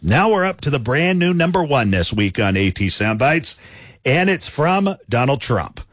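Lively countdown-style radio host man. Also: medium pitch, moderate pace, no echo.

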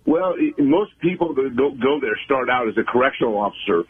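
An older man from the California Central Coast, a guest on a radio interview, talking in a halting, folksy way with many fillers. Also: mid-range voice, expressive, husky. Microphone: phone. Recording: tinny phone line.

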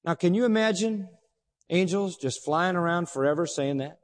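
A man preaching a sermon as pastor, animated, asking rhetorical questions and pausing for effect. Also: high voice. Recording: long reverb of a large hall.

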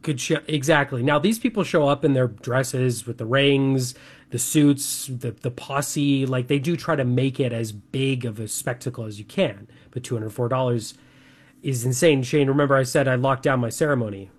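A man's voice: medium pitch, moderate pace, slightly rough. A young man co-hosting a talk show, chatting casually and animatedly, with plenty of filler words. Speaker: radio show co-host.

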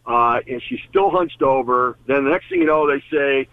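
A man's voice: mid-range voice, moderate pace, no room sound. Radio guest, male, earnest storyteller, restarts often, phone-line sound, dry. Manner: earnest, restarts and repeats words. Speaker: guest, former team executive. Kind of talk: storytelling in an interview.

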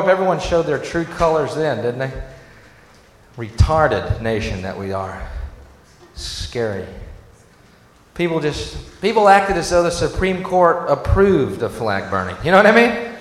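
A man doing a sarcastic stand-up rant in an exasperated tone, bursting into shouts. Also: fairly high pitch, a little hiss or hum. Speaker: stand-up comedian. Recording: echoey hall recording.

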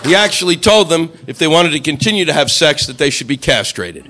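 A man doing a stand-up comedy routine, incredulous and building to loud impressions. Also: on the high side, animated, brisk.

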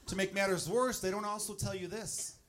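A man doing a stand-up comedy set, telling a personal story with animated delivery and acted-out voices. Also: high voice, brisk, noisy background. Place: comedy club stage.

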